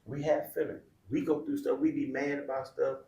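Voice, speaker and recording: A man's voice: mid-range voice, level tone, moderate pace, gravelly, dark tone, muffled recording, slight background noise. A middle-aged man, a podcast guest, telling a heartfelt personal story in a candid, colloquial, emotional way. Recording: roomy echo.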